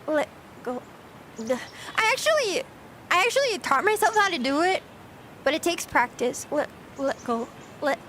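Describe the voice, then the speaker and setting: A woman's voice: extremely high pitch, bright, forceful tone, slight background noise. A woman streamer chatting casually with her live chat, giggly and talkative, answering questions as she goes.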